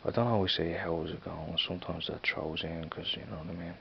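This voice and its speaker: A man's voice: low-pitched, fairly even intonation, brisk, vocal fry, highs cut off, a little hiss or hum. A man with a Dublin accent chatting casually in a home vlog, rambling and repeating "you know what I mean". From Ireland. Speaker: vlogger. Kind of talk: casual accent tag video.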